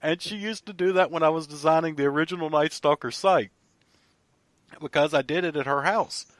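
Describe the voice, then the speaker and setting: A man co-hosting a podcast, chatting casually and telling animated stories with frequent laughter. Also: fairly high pitch, a little fast, dry recording. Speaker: podcast co-host and producer.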